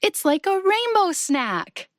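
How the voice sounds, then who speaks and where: A woman's voice: very high-pitched, very animated, slow pace, fairly bright tone, dry recording, clean studio sound, pitched above the performer's own voice, full character voice. A woman voicing a friendly, cheerful young female elephant in a children's storybook.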